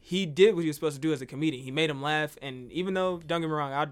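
A man, a comedian, in a casual podcast chat, talking fast and animated and often asking "you know what I mean?". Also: fairly high pitch, clean tone.

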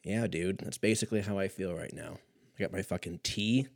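A young man chatting casually and profanely on his own, rambling, his voice a little rough from a recent cough. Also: low-pitched, a little fast. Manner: profane, rambling, laid-back. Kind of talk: casual solo chat.

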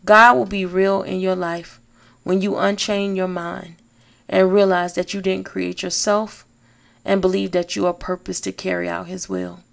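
A woman hosting a faith podcast, speaking in a slow, emphatic, encouraging way. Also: medium pitch, little pitch movement, creaky. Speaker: podcast host. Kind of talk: inspirational faith talk.

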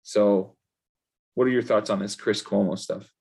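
A man's voice: on the low side, fairly even intonation, a little slow, vocal fry, darkish tone, breathy edge. A man co-hosting a podcast, chatting casually in a loose, profane, ranting way. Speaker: podcast co-host. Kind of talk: casual chat.

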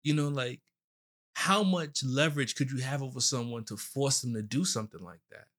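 A young man on a podcast, thinking aloud in an animated way with many hedges. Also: medium pitch, normal speed. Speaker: podcast co-host. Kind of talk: casual podcast chat.

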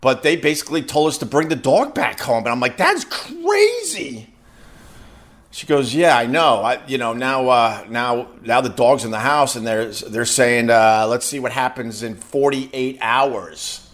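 A middle-aged man tells a story in a loose, conversational way, often restarting and repeating words. His voice sits at an ordinary pitch for a man, neither deep nor high. He sounds like a podcast host chatting off the cuff. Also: steady tone, moderate pace, hardly any pauses, a bit bright. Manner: rambling, repeats words while telling a story. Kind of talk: casual storytelling.

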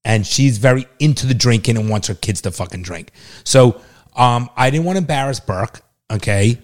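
A man's voice: medium pitch, expressive, moderate pace. A middle-aged man talking as father and co-host in a casual family chat, emphatic and insistent, swearing freely. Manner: emphatic, heavily profane, insistent.

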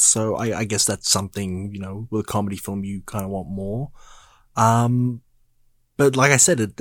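A man's voice: fairly low pitch, no room sound. A man co-hosting a casual movie chat, hesitant and stammering with dry jokes. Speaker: podcast co-host.

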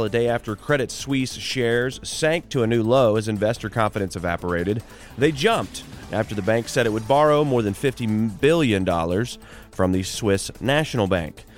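Guy on morning radio, reading facts and news, jokey asides, soft music under him. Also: medium pitch. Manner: chatty asides and quick jokes between items. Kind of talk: radio show reading facts, ads and headlines.

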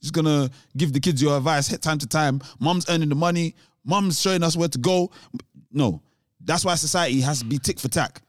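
A man's voice: on the high side, a little fast, dry recording. Rambling man, slangy and dry. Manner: rambling, tangential, many restarts. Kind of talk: casual chat.

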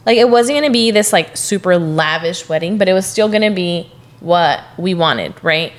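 A young woman podcast co-host with a lowish, animated voice chats casually at a moderate pace. She talks her thoughts through with fillers and keeps asking follow-up questions.

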